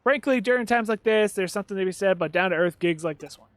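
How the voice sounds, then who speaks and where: A man's voice: high-pitched, fast talker, no echo. A man giving casual let's-play commentary, sarcastic and muttering at the game. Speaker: gaming video host.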